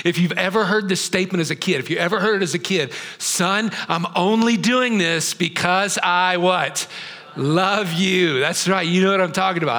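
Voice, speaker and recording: A middle-aged pastor preaches in a theater used as a church, keeping things conversational and drawing the congregation in with questions. His voice is fairly high with a sharp tone.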